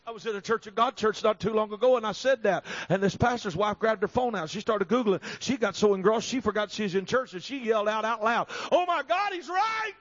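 A man preaching a revival sermon in a fervent, storytelling way that builds to emphatic shouting. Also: high-pitched, fast talker, hardly any pauses, dry recording. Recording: slightly dull recording.

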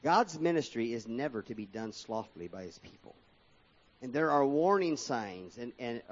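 A man preaching a sermon as pastor, calling out to his congregation and swinging between pressing emphasis and quieter asides. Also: mid-range voice, lo-fi sound. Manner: preaching with rising and falling emphasis, addressing the congregation as folks.

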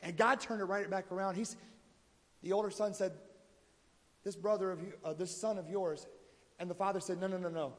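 High-voiced preacher in an echoing hall. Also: male voice, steady tone, a little fast, pauses often. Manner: builds from quiet pleading to loud exhortation. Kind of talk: sermon. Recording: long hall reverb.

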